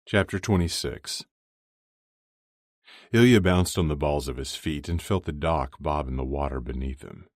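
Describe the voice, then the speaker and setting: A man narrating an audiobook in an even, measured reading. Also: rumbling low, dry recording, studio quality. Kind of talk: scripted narration.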